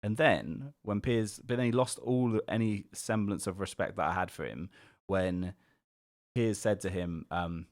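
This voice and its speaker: A man co-hosting a casual podcast, rambling through an animated retelling full of fillers and swearing. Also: fairly low pitch, a little slow, no room sound, studio quality. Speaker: podcast co-host. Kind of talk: casual chat.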